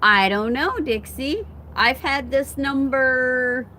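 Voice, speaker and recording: A woman's voice: high voice, takes it slowly, sharp tone, a little hiss or hum. A woman hosting a casual live stream outdoors on her phone, chatting with viewers and laughing often. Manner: chatty, laughs often, reads and answers comments. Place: outdoors at home, wind and chimes around.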